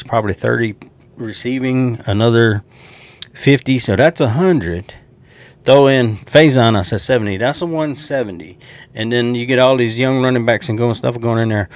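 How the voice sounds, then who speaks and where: A man with a Southern accent, hosting a casual football prediction show and talking to viewers in an animated, joking way. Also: medium pitch. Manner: animated, jokey, talks straight to viewers. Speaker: sports show host. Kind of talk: casual sports prediction talk.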